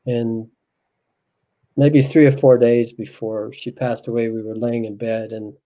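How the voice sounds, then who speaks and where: A male interview guest with a mellow, rounded, mid-range voice shares a heartfelt personal story. He speaks softly, reflectively, and unhurriedly, though his delivery is flat and the audio quality is poor.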